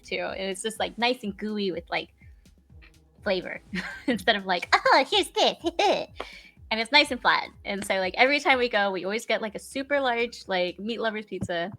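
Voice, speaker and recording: A young woman guest chatting casually on a live stream, telling animated stories and voicing little asides. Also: mid-range voice. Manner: chatty, animated storytelling with laughs and voiced asides. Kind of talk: casual chat.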